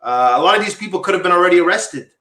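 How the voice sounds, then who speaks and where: A man's voice: high-pitched, animated, rapid-fire, bright, forceful tone. A man from Quebec hosting a casual podcast talk show, rambling, repeating himself and calling viewers "guys". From Quebec, Canada. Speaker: podcast host. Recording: echoey room.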